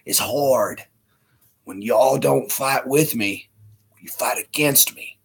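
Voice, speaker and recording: A man putting on the voice of a weary, gruff male sheriff who leads a group of survivors, hushed and strained. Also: medium pitch, takes it slowly, full character voice. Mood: pleading.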